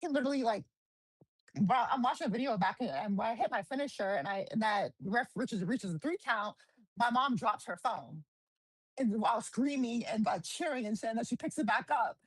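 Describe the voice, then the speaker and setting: A woman, a guest wrestler, telling stories in a casual interview, animated, swearing freely and acting out quotes. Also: on the high side, moderate pace, husky, no room sound, poor audio. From New Jersey.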